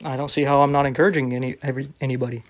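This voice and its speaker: A man's voice: mid-range voice, little pitch movement, racing. A man who preaches online, reading viewer comments aloud and answering them in a sarcastic, defensive way.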